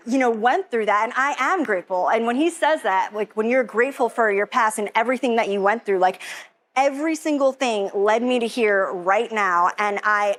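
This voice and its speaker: A woman's voice: a little high, a bit bright. A young woman giving an emotional personal testimony, rambling and quoting her own thoughts with lots of "like". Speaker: testimonial speaker.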